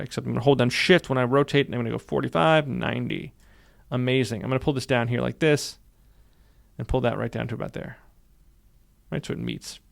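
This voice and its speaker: A man walks through a software tutorial at a brisk clip, his voice gravelly. He is upbeat and says many lines twice as he clicks along. The sound is dry and close, with no room around it. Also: mid-range voice, no echo. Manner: upbeat, repeats phrases while narrating clicks. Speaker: software instructor. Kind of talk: screen-recorded tutorial.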